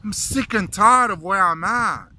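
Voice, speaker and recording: A man's voice: sits high, unhurried, sharp tone, slight background noise, exaggerated voice. A man voicing a gifted young martial arts student, pleading and strained, in a story told outdoors.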